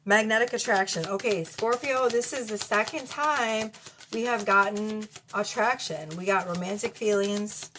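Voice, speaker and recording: A woman's voice: medium pitch, a little slow, fairly bright tone, slight background noise. A woman with children doing a casual tarot reading to camera at home, blunt and profane, laughing often. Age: adult with children. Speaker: tarot reader. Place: cluttered bedroom at home. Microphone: camera mic.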